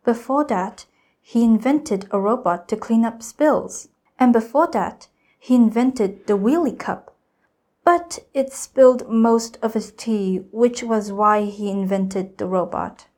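A teenage student girl reading a children's storybook aloud, careful and expressive. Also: on the high side, slow pace. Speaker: student reader.

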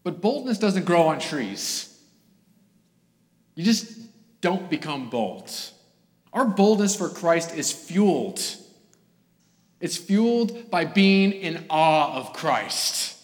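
A man's voice: a little high, big pitch swings, slow, long pauses. A man preaching a sermon to his congregation in an earnest way, rising to emphatic bursts. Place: church sanctuary. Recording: long hall reverb.

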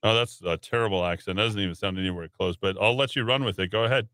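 A man's voice: lowish voice, fast talker, pushed and bright, no echo. A man hosting a talk radio show in casual banter, sarcastic, teasing and blunt, on a studio microphone.

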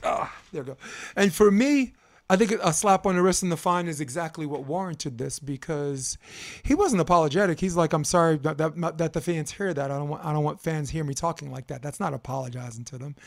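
A man's voice: a little high, fairly quick, creaky. Fired-up man ranting in sports debate. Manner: heated, rambling, repeats words, laughs. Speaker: co-host.

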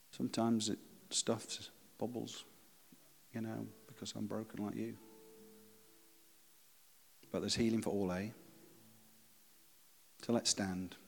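A man preaching a sermon and leading a congregation in quiet prayer. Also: on the low side, flat delivery, takes it slowly, creaky, pauses often, big-room sound. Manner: reads a story aloud, then speaks softly and prayerfully. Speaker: pastor.

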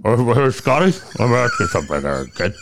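A man doing an impression of a gruff, belligerent older football executive who swears and needles people, in a gravelly voice. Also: medium pitch, wildly swooping pitch, quick pace, background noise, pitched below the performer's own voice. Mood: needling, belligerent.

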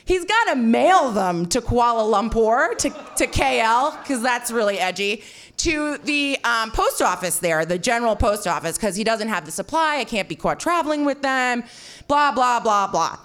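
A woman storyteller with a slightly high voice, talking in an animated, self-mocking way. She swears casually and leans on "like" as she tells a personal story. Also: normal speed. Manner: animated, swearing, heavy filler "like"; self-mocking, frequent laughter.

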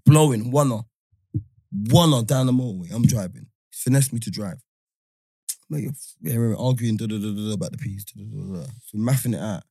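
A man, telling a story in casual podcast chat, animated and full of laughter and slang. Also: on the low side, fairly quick, vocal fry, slightly rough, no room sound, clean studio sound. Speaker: podcast host.

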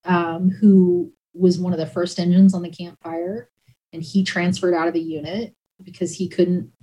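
A woman's voice: lowish voice, flat delivery, normal speed, mellow, husky, low-quality recording. A woman who works as an emergency dispatcher, candidly and emotionally telling her story in an interview, with many "like" fillers.

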